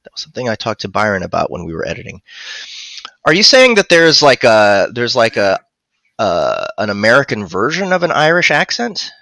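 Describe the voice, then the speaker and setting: A man's voice: mid-range voice, big pitch swings, brisk, vocal fry, pushed and bright, no echo. A man chatting casually on a livestream about narrating audiobooks, rambling with restarts and fillers.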